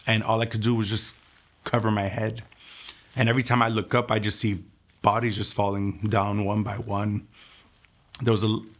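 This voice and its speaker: A young man telling his personal testimony in a hushed, intense way, his voice often dropping almost to a whisper. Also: on the low side, little pitch movement, normal speed, pauses often. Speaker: testimony speaker.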